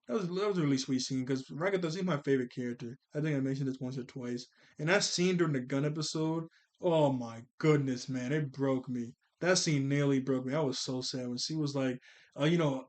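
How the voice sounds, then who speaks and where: A man's voice: fairly high pitch, fairly quick, a little mellow. A man giving a casual spoken review of a cartoon, rambling with many fillers and restarts.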